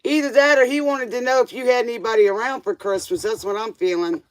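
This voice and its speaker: A woman's voice: a little high, steady tone, fast, a little hiss or hum. A woman hosting a live tarot stream, chatting casually with viewers and laughing often.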